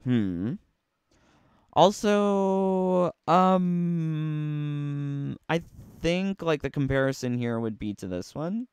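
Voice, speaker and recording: A man's voice: a little high, expressive, very slow, long pauses, a little mellow, clean tone, no room sound. A man giving casual, playful commentary on video game costumes, sassy and full of rhetorical questions. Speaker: gaming YouTuber.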